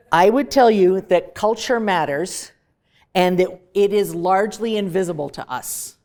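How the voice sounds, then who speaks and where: A woman's voice: mid-range voice, a little mellow. A woman professor giving a direct, emphatic recorded lecture to students. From Canada. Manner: direct, emphatic, dismissive of clichés.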